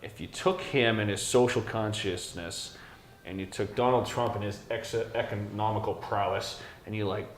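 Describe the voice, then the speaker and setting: A Canadian man hosting a pub talk show, blunt and crude, swearing freely and getting loud in heated rants. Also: on the low side, fairly even intonation, moderate pace, a little hiss or hum. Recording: echoey pub room.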